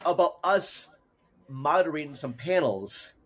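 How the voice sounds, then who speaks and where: A man from Minnesota hosting a casual podcast chat, rambling and halting with lots of fillers. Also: fairly high pitch, expressive. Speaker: podcast host.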